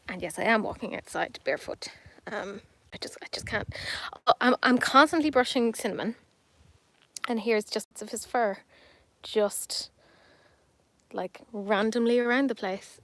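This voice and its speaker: Streaming live from her phone, an Irish woman in her thirties chats casually as she heads from inside her home out to the garden, cooing at her cats along the way. Her voice is on the high side and a bit bright, and her talk is rambling and self-mocking.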